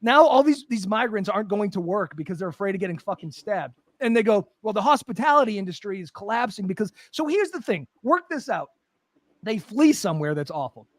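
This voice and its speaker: A man with a high, swooping voice rants through a casual podcast chat, profane and sarcastic. He sounds dry and close to the mic. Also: animated, brisk, no room sound. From United States. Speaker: podcast co-host.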